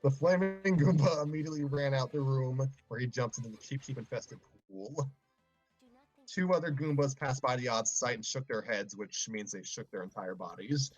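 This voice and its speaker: A man hosting, reading a fan story aloud with joking asides and clearing his throat often between passages. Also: medium pitch, moderate pace, no room sound, muffled recording, soft background music. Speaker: story reader and show host.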